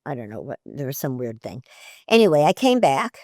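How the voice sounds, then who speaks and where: An older actress in an interview, telling stories in a chatty, animated way, often laughing and jumping her voice up for quoted lines. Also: rumbling low, fairly quick, no echo, clean studio sound. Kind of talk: conversational storytelling interview.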